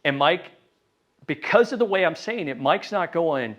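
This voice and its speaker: A man giving a live sales training talk to a room, lively and conversational, acting out phone calls in quick voices. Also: fairly high pitch. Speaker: real estate sales trainer. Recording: dull lo-fi sound.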